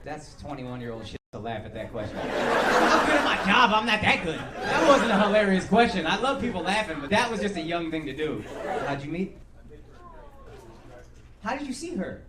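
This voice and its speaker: A man's voice: sits high, big pitch swings, normal speed, background noise. A man doing stand-up crowd work, teasing audience members in a brash, profane way. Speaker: stand-up comedian. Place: comedy club stage. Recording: roomy club with loud crowd laughter. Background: audience laughing.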